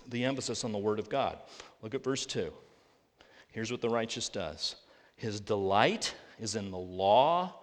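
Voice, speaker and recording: A pastor preaching a sermon, earnest and full of rhetorical questions, slowing down to read scripture aloud. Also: male voice, medium pitch. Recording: long reverb of a large hall.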